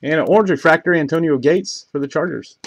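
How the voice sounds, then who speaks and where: A man's voice: a little high, a little hiss or hum, rough recording. Man rattling off trading card pulls. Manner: rapid list-reading, stumbles over names; bursts of excitement on big pulls. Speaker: card break host. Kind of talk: live card break play-by-play.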